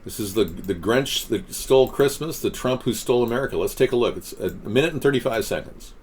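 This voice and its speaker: A man's voice: medium pitch, lively intonation, brisk, a little mellow, a little hiss or hum. A man hosting a casual political chat show, rambling and sarcastic as he reads viewer comments. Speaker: host.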